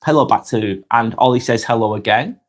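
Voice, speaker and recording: A man with a Lancashire accent, hosting a calm live stream, reading viewers' comments aloud and chatting back in an unhurried way with lots of ums and restarts. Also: mid-range voice. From North West England. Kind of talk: casual live-stream chat.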